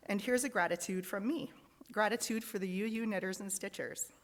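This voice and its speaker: A lay worship leader in a large fellowship hall reads out the congregation's joys and sorrows, her earnest delivery growing emotional at times. Her mid-range voice moves fairly quickly, and the room leaves a long reverb tail.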